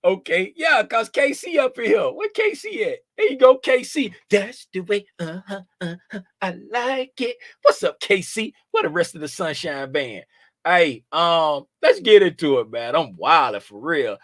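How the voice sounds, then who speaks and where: A man's voice: high-pitched, big pitch swings, moderate pace, fairly bright tone, no echo, studio quality. A man hosting a trading livestream, chatting casually and playfully and greeting viewers by name.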